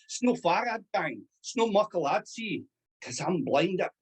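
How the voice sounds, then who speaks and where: A reciter voicing a blinded young soldier with a gruff, dogged manner. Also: medium pitch, animated, a little slow.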